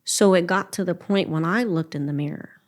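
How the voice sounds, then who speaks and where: A woman's voice: lowish voice, brisk. A middle-aged woman giving an earnest, emotional personal testimony as a podcast guest, speaking with faith and quoting her own prayers.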